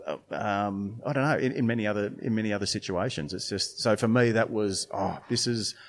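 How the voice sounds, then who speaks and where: Brief: middle-aged brewer, lower voice, casual rambling talker who restarts a lot. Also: male voice, brisk. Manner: rambling storytelling with many restarts and fillers. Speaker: brewer and beer judge. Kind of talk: casual interview chat.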